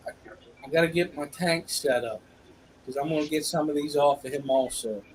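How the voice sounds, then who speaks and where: A man with a slightly high voice runs a live stream in a relaxed, chatty way and speaks straight to the people watching. A faint hiss sits under his voice. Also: normal speed, rough recording. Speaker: auction host. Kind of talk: casual live-stream chat.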